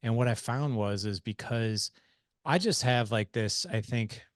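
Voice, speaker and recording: A man in his forties hosting a podcast interview, telling stories in an emphatic, animated way. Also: medium pitch, measured pace, dry recording, studio quality. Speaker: podcast host. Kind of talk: conversational interview.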